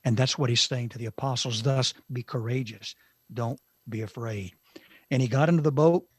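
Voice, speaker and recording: A man teaching from the Bible on a talk show, slow and emphatic, with dramatic pauses and sudden shifts in loudness. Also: medium pitch, husky, no echo, clean studio sound.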